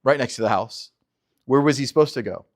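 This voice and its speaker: A man, a pastor, teaching verse by verse with animated delivery, rhetorical questions and chuckling asides. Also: medium pitch, fairly quick.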